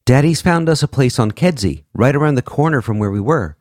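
A man doing a gentle, soothing mother. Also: mid-range voice, animated, fairly quick, no room sound, studio quality, pitched above the performer's own voice, close to an everyday voice. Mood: tender. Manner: soft, reassuring. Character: gentle caring mother of a young boy.

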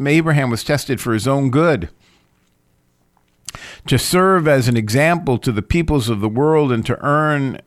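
A man giving a reflective lecture on scripture, speaking in a deliberate, questioning way. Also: medium pitch, no echo, studio quality.

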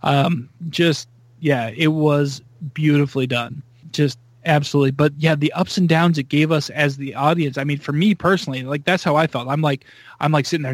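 A man in casual podcast chat, excitable and acting out his own reactions. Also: brisk, no echo. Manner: excitable, acts out his own reactions with big pitch jumps. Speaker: podcast co-host.

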